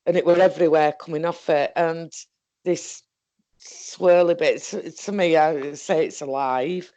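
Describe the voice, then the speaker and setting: Slow-talking Northern English woman. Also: low voice, fairly even intonation, dark tone, no room sound. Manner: halting and rambling, with frequent swearing and laughter. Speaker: guest recounting an experience. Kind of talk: casual spoken storytelling.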